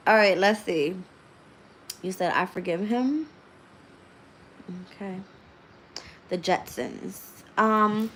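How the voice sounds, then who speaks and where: A woman's voice: medium pitch, expressive, unhurried, long pauses, slight background noise. A woman reading tarot on a live stream, chatting loosely with her viewers, laughing a lot and swearing freely. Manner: talks loosely with slang.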